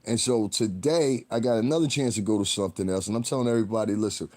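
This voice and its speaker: A man's voice: lowish voice, quick pace, a little mellow. A man ranting on a live stream, blunt and combative, cursing heavily and rambling straight at his viewers. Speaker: livestreamer. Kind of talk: profane live-stream rant.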